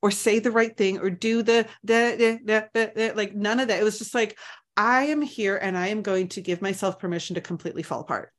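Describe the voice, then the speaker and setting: A woman's voice: medium pitch, quick pace. Earnest heartfelt woman podcast host. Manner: earnest and heartfelt, many "like" fillers. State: tearful. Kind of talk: casual chat.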